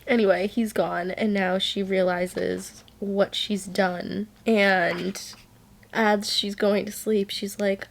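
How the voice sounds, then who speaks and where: A young woman recaps a novel in a casual reading vlog. She talks at an unhurried, drawn-out pace, gushing and excitable, and now and then reads passages aloud. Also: mid-range voice, gravelly. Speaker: book vlogger.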